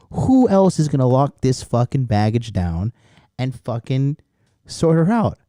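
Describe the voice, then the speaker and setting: A man delivers scornful reaction commentary, his voice mellow and dark. The sound is dry and close. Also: mid-range voice, very animated, measured pace, no room sound. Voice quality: scornful, profane. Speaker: commentator reacting to a podcast clip.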